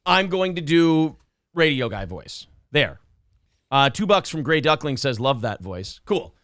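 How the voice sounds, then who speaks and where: Man, show host, casual joking chat, slightly high voice, dry recording. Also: sing-song, a little slow, a bit bright, no room sound. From Minnesota. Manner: joking, loose, many fillers. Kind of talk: casual chat and reading donor messages.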